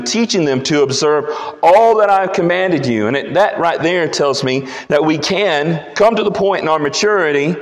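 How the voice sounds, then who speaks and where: Man preaching a sermon in a reverberant hall. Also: mid-range voice. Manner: emphatic preaching, rising to repeated declarations. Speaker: pastor.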